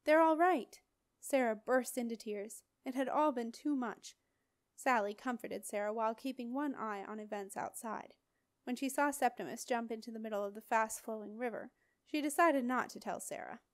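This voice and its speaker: A woman narrates a fantasy audiobook with expressive, dramatic storytelling. Her voice sits slightly high. The recording is close and dry, with no reverb. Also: moderate pace. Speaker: audiobook reader.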